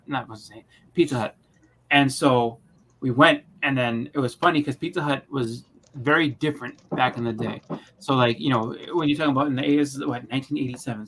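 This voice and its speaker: A man's voice: mid-range voice, fairly bright tone, a little hiss or hum. A middle-aged man telling rambling stories in casual chat, often repeating words and acting out what people said. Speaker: podcast co-host.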